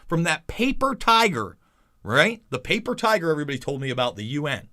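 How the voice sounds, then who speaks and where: A man's voice: fairly high pitch, a little fast. A man hosting a commentary show, ranting and mocking over news clips with heavy repetition. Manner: animated, mocking, repetitive emphasis. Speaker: commentary host.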